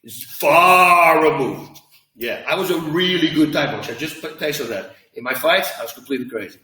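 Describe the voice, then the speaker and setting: Man, former fighter, emphatic storyteller, forceful tone, slightly high voice, away from the mic. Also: moderate pace, roomy sound, distant mic, poor audio. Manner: emphatic, animated storytelling with acted quotes. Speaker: former fighter, interview guest. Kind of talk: interview answers.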